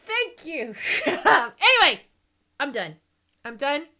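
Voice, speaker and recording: Streamer, woman in her 30s, light Texan American accent, chatty and giggly, bright tone. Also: high voice, big pitch swings, slow pace. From Texas, US. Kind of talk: casual stream chat.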